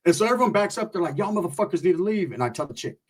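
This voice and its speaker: A man from California telling a profane story and acting out the people in it with animated voices. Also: high voice, racing. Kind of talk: storytelling stand-up.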